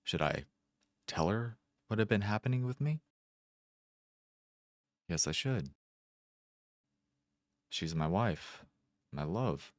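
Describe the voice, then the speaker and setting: A man reading a first-person short story aloud in a measured, deliberate way with careful pauses. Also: lowish voice, animated, dry recording, studio quality. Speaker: amateur narrator.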